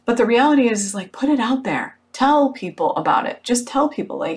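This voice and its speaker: A woman giving a casual motivational talk, telling a story in an animated, emphatic way with lots of "like" and the occasional blunt swear word. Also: a little high, quick pace, few pauses.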